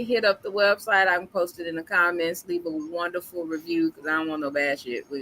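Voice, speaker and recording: Young woman podcast host, bright voice, teasing and fed up, bit of hiss behind. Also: on the low side, brisk, few pauses. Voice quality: exasperated, teasing delivery. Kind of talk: casual chat.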